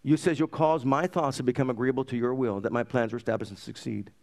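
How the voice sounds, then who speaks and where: Speaking at a quick clip with a creaky, medium-pitched voice, a middle-aged pastor preaches energetically. He shares a personal story and weaves in scripture quotations.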